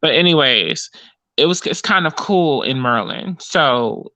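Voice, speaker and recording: Bright-voiced chatty woman co-host. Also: low-pitched, lively intonation, unhurried, no room sound. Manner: chatty storyteller, rambling with fillers. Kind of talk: casual chat.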